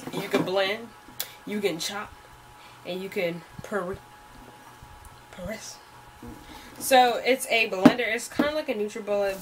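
A young American woman with a mid-range voice rambles through a shopping haul in a casual vlog, saying "like" a lot. Background noise can be heard in the clip.

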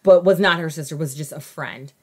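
Speaking briskly in a deep voice, this woman co-host tells a true crime story on a casual podcast. She's an animated storyteller who acts out the quotes.

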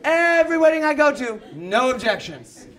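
A man doing a stand-up set in a comedy club, animated, acting out the people in his stories. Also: very high voice, normal speed. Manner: animated, acts out voices. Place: comedy club, half full. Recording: live club with audience laughter.

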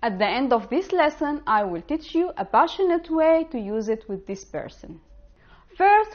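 A woman teaching an online language lesson, spelling out words slowly and carefully. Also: high voice, highs cut off. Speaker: Arabic teacher.

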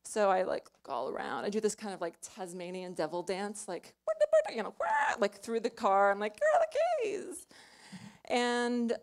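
A woman's voice: mid-range voice, normal speed, hardly any pauses. Chatty young woman telling a story. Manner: chatty, self-mocking, full of "like" and "you know". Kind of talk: live storytelling on stage. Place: small club stage before an audience.

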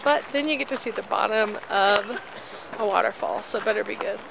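A woman's voice: medium pitch, brisk, gravelly, noisy background. A young woman talking casually to her camera on a trip, frank and laughing often, a little out of breath after a hike. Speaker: travel vlogger. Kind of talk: casual travel vlog. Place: outdoors in a national park.

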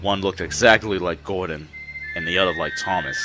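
A man narrating a storybook tale in an even, measured reading voice. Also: sits low. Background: music.

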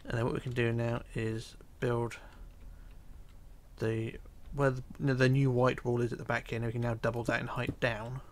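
A tired man narrating a building tutorial, counting quietly under his breath as he works. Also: medium pitch, moderate pace. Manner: relaxed, counting blocks under his breath, drops to near whisper. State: tired, yawning. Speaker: tutorial host. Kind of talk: casual game tutorial narration.

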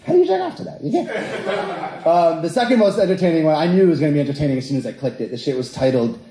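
A young male comedian working a stand-up set in an echoey club, his voice pitched a touch high and bouncing all over the place. He tells crude stories with big animation and keeps tossing asides at the audience. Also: animated, quick pace, crowd noise.

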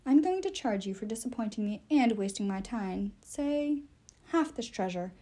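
A woman's voice: fairly high pitch, lively intonation, moderate pace, warm tone. Woman doing a grumpy old elf dad, cold and snippy, voice swings up and down a lot. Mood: stern, scornful. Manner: cold, scolding, clipped. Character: stern bitter old male elf father.

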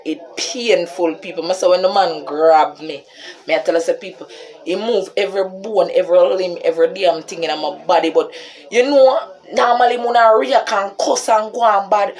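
Her voice is on the low side and her pace moderate as this woman vlogs a story in a Jamaican accent. Animated, she talks straight to her viewers, calling them "people" again and again.

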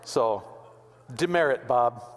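A man's voice: medium pitch, expressive, slow. Man, pastor, sermon, conversational, repeats words, joking asides, echoing church. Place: church sanctuary. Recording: long church reverb.

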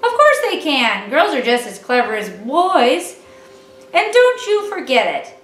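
A cheerful, kindly father from a children's storybook, voiced by a woman reading aloud. He talks in a hearty, jovial way, with a lively rise and fall. The sound is roomy and distant, with faint music behind. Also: sits high, unhurried, heavily acted.

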